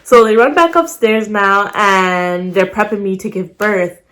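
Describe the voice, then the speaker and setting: A woman's voice: mid-range voice, a little slow. Slangy young woman telling a story. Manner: slangy, swears freely, animated retelling. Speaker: vlogger. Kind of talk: casual storytelling to camera.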